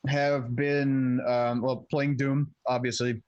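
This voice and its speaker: A man's voice: mid-range voice, little pitch movement, slow, darkish tone, no echo, dull audio. Brief: man, casual player chat, rambling and profane, dead-dry recording. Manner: rambling, many fillers and restarts, swears. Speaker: tabletop game player. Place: at home.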